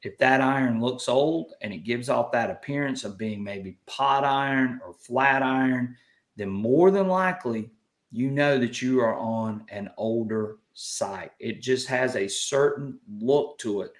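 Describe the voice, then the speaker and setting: A man's voice: mid-range voice, measured pace, echoey room. A man with a Southern US accent hosting a casual live chat, folksy and upbeat as he reads out viewer comments. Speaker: livestream host.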